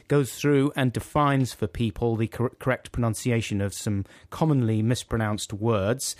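A man's voice: medium pitch, moderate pace, hardly any pauses, dry recording, clean studio sound. A man co-hosting a podcast in casual chat, wry and self-mocking. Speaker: podcast co-host.

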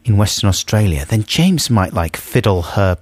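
A man's voice: lowish voice, big pitch swings, normal speed, dry recording. Chatty male radio host, dry studio. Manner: jokey, chatty. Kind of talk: casual radio banter.

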